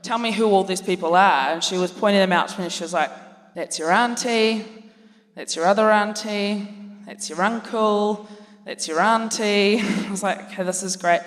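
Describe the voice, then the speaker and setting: A comedian co-host tells a dry, self-deprecating story live, acting out the voices of her family members as a large theatre audience laughs. Her mid-range voice moves at a moderate pace. The recording has long hall reverb and audience noise throughout.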